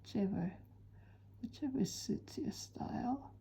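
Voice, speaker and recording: A woman giving a calm step-by-step drawing tutorial, soft-spoken and often dropping to a near whisper. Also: a little high, a little slow, slightly rough, poor audio. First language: Japanese. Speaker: certified drawing-art teacher.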